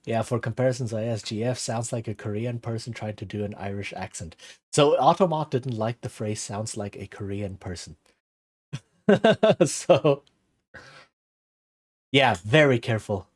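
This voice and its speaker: A man's voice: mid-range voice, lively intonation, a little slow. A rambling streamer man chatting casually. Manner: rambling, self-interrupting, laughs easily. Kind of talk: casual chat with live chat.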